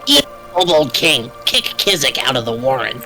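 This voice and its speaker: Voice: mid-range voice, big pitch swings, moderate pace, music in the background, lightly acted, poor audio. A player voicing a small kobold who talks about itself in the third person, in a tabletop role-play. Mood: eager.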